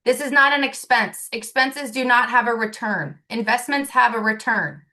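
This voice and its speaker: Upbeat woman sales coach on a video call, higher voice with a sharp, bright edge, rhetorical questions and constant check-ins. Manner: upbeat, rapid rhetorical questions, often adds "right?" and "okay?". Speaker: sales trainer.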